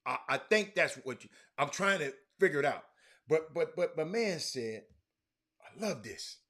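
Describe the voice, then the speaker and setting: A man's voice: fairly high pitch, expressive, measured pace, fairly bright tone. A middle-aged man hosts a casual sports talk stream, reading viewer comments aloud and often dropping to a mutter. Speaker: sports talk show host.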